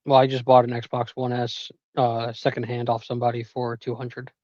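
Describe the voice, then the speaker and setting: A man's voice: medium pitch, monotone, normal speed, a little mellow, dry recording, lo-fi sound. A man in his thirties co-hosting a podcast, casual and joking, laughing and swearing as he tells stories. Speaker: podcast co-host. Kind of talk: casual chat.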